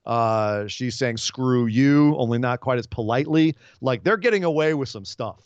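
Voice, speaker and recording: A man co-hosting a casual wrestling podcast, talking in long, animated, rambling explanations full of asides. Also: mid-range voice, moderate pace, smooth, dry recording, dull audio. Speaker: podcast co-host.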